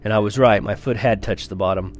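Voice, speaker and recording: A man's voice: fairly low pitch, a little fast. A man reading a first-person novel aloud in an earnest storytelling manner, with small stumbles and restarts. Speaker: reader of a novel.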